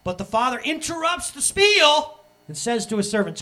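A man in his thirties preaching a sermon as pastor, animated and acting out the voices he quotes. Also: very high-pitched, moderate pace.

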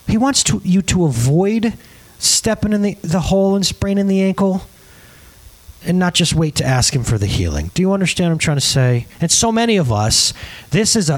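Lively joking male pastor preaching. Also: on the high side. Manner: casual, joking, lively storytelling. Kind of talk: sermon. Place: church service.

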